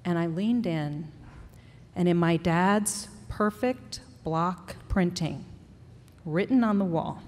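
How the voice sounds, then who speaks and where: A woman tells a story from a live stage, her voice lively and expressive, rising in pitch as feeling takes over. The sound carries a long hall reverb around her words. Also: takes it slowly. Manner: animated, building to emotional outbursts.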